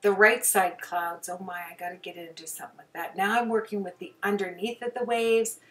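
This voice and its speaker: A woman talks through her own painting in a loose, rambling way, full of "you know"s and little jokes at her own expense. Her pitch sits in an ordinary middle range. The mic sits a little away from her, so she sounds slightly removed. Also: fairly even intonation, fairly quick, a bit bright, recorded from a distance. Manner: chatty, rambling, self-deprecating, many fillers. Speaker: hobby painter. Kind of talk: casual voice-over about her own painting.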